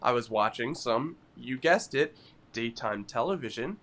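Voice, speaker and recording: A man co-hosting a podcast, telling stories in a giggly, animated casual chat. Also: medium pitch, a little slow. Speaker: podcast co-host.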